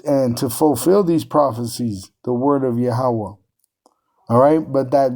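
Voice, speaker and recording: A man delivering a fierce scripture lesson in a dark, mellow-toned voice at a middle pitch. He talks combatively, swears freely and keeps circling back over his own words as he presses each point. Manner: combative, profane, repeats words and phrases. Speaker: preacher. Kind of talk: fiery scripture teaching.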